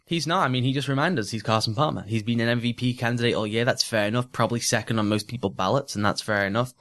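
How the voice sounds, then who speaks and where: A man's voice: mid-range voice, fast, fairly bright tone. A man co-hosting a sports podcast, breaking down games in fluent, analytical casual chat with frequent restarts. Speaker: podcast co-host.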